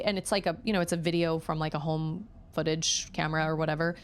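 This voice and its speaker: A woman's voice: low-pitched, fairly even intonation, fast talker, clean tone. A woman in her thirties, a streamer and mother, chatting candidly and at length while she plays, acting out the voices she quotes. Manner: candid, rambling, acts out quotes. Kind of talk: casual chat while gaming.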